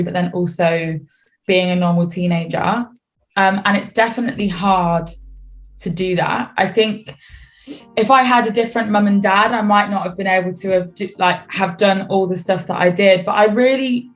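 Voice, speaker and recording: A young woman with a British accent speaks in a fairly low voice, relaxed and chatty, as a guest in a radio interview. Faint music plays softly behind her. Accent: British English. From United Kingdom. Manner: relaxed, chatty, laughs easily. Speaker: singer guest.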